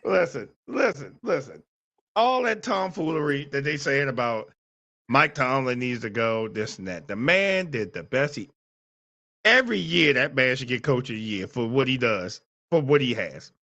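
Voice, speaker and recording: A man co-hosting a sports podcast in casual chat, animated and quick to laugh, acting out scenes as he talks. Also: medium pitch, gravelly, muffled recording. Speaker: podcast co-host.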